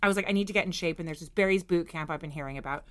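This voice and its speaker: A woman's voice: fairly low pitch, very fast. A woman from Los Angeles hosting a casual chat in a hotel room, full of playful interjections and jokes. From Los Angeles, USA.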